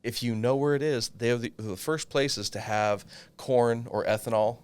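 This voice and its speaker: A man in his thirties telling a long personal story in casual chat, animated and swearing freely. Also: mid-range voice, normal speed, clean tone. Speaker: podcast co-host.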